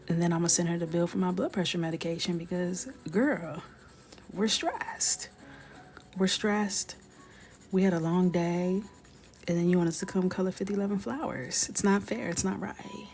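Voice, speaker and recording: While coloring on a livestream, a woman in her thirties chats casually and jokes around, frequently slipping into soft whispers. Her voice sits fairly low.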